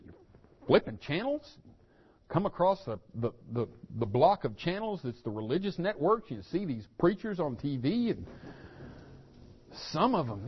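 A pastor preaching a sermon, acting out the story's characters with rising and falling intensity. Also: male voice, a little high, sing-song, moderate pace, pauses often, husky, muffled recording.

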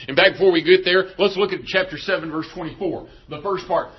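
A pastor preaching a sermon, emphatic and asking the congregation rhetorical questions. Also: male voice, high-pitched, a little fast, slightly rough, dull audio.

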